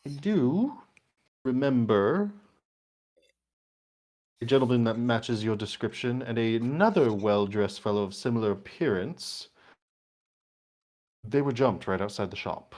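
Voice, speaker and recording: A man's voice: mid-range voice, expressive, measured pace, pauses often, darkish tone, lightly acted. A man voicing an eccentric old male shopkeeper who loves the colour purple and speaks in a genteel, haggling manner. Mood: recalling. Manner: genteel, haggling, pipe-puffing.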